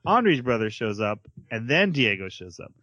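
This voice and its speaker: A chatty male podcast host who breezes through a story recap, laughing and tossing in quick character voices. His voice sits in a middle pitch. The sound is dry and a little dull, like a basic home setup. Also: sing-song, a bit bright, no echo. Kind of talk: casual chat recapping an anime episode.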